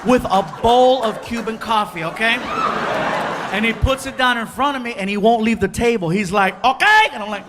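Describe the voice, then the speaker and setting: A man doing stand-up storytelling on stage, animated, acting out voices and yelling punchlines into a handheld mic. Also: high-pitched, moderate pace. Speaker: stand-up comedian. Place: theater stage. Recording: live show with loud crowd and noise.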